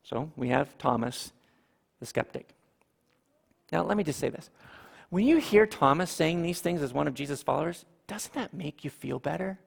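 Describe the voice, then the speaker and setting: A man preaching a sermon, animated, with dramatic pauses and repeated phrases. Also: on the high side, gravelly, in a large hall. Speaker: pastor.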